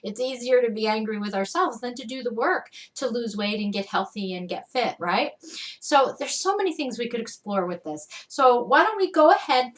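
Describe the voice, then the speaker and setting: A woman's voice: fairly high pitch, fairly bright tone, recorded from a distance. A woman leading an EFT tapping lesson, talking to the viewer in a chatty way and saying her affirmation phrases with strong emphasis.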